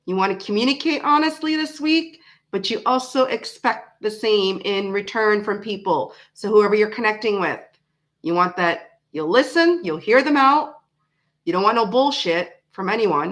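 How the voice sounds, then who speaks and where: A woman's voice: mid-range voice, fairly bright tone. Chatty, rambling woman tarot streamer. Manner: chatty, rambling, frank, laughs often. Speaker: live-stream tarot host. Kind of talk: casual live-stream chat.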